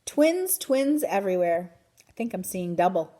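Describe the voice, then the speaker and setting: Lady doing a chuckly janitor guy, slow, amused. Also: medium pitch, big pitch swings, mellow. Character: amused, chuckling man school custodian. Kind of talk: storybook read-aloud.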